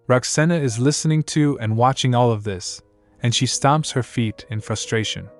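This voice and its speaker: A man narrates a manhwa story recap in a steady, mid-pitched voice, reading every character's lines in the same even delivery. Faint music plays underneath. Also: normal speed.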